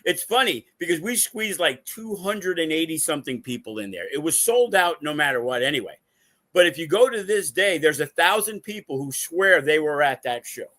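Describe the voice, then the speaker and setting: Bright-voiced man telling stories. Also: a little high, moderate pace. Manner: animated, acts out quotes. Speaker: wrestling promoter and show host. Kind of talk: casual storytelling.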